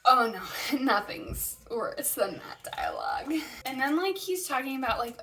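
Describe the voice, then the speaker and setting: A young woman giving a comedic, sarcastic review of a picture book, exasperated and full of quick asides. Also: high voice, sing-song, a bit bright, recorded from a distance. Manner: sarcastic, exasperated, jumps between mock voices and asides.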